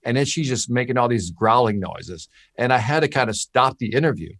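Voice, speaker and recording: A man's voice: mid-range voice, a little fast, no room sound, studio quality. A man from Chicago co-hosting a podcast, telling stories animatedly and checking in with "right?". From Chicago, USA. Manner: animated storyteller, frequent "right?" check-ins. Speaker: podcast co-host. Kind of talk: casual storytelling chat.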